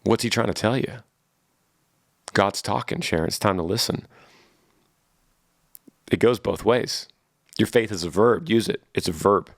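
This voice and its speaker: A man's voice: fairly low pitch, unhurried, creaky, long pauses, no room sound, studio quality. A man in his thirties hosting a faith podcast, answering listener questions in an earnest, preachy way and often repeating words as he thinks. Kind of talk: casual faith-based podcast talk.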